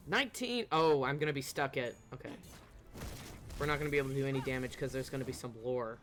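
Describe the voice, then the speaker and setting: A medium-pitched streamer gives live commentary over a game, blurting quick, excited reactions and the occasional swear word. In between, he reads the game's dialogue aloud.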